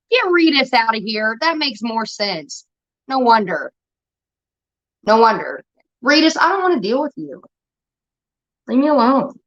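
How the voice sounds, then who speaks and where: A woman's voice: a little high, fairly bright tone, dull audio. A woman livestreamer talking casually to her chat, blunt and profane, snapping back at commenters.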